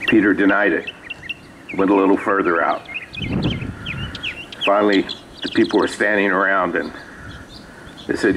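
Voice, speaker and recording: Man, pastor, very low pitch, conversational sermon, faint background noise. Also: steady tone, moderate pace, long pauses. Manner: conversational storytelling with asides. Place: small rural church.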